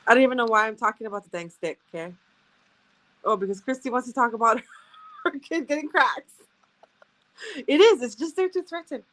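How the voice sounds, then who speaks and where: A woman's voice: fairly high pitch, a little fast, pauses often, fairly bright tone. A woman chatting casually with viewers as a sales rep, telling stories and laughing often. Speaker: direct sales rep hosting a live stream.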